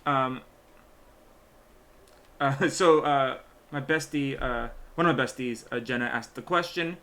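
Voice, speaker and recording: Guy with a bright sharp voice, casual stream host, lots of um and uh. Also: medium pitch. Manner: halting, full of ums and uhs. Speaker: livestream co-host. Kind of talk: casual livestream chat.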